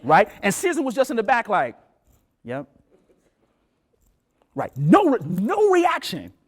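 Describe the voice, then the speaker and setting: Animated male lecturer, lively storytelling. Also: high-pitched, slow, husky. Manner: animated storyteller, acts out voices, laughs. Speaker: professor giving a talk.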